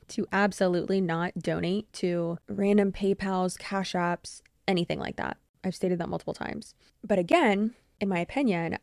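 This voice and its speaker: A young adult woman hosting a commentary vlog, answering criticism in a measured, pointed way. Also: lowish voice, vocal fry, mellow, no echo. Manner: measured, pointed rebuttal with occasional dry laughs. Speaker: YouTube commentary host.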